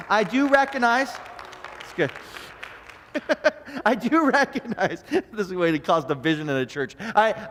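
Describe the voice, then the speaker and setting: A man pastor delivering a lively sermon, telling stories with stammers and repeated words. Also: high-pitched, in a large hall. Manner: animated storyteller who stammers and repeats words. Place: church sanctuary.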